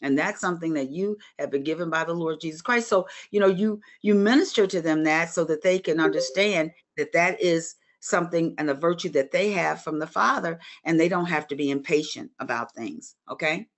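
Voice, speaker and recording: A woman in her sixties leads a Bible study, her somewhat low voice moving briskly with few pauses. She teaches conversationally in an earnest, motherly way, addressing her listeners directly as if chatting with the group.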